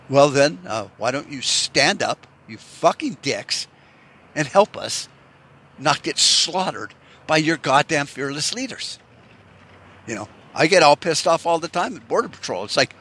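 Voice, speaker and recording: An American man delivers a rambling, profanity-laced political rant, angry and full of restarts. His pitch swings widely from line to line, and the tone stays bright and forceful. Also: big pitch swings, unhurried. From United States.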